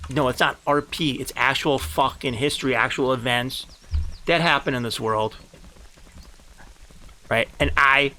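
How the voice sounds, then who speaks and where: Grandiose, bright-voiced male game streamer. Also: medium pitch. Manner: grandiose storytelling, turning heated and profane. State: high. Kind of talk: live game stream commentary.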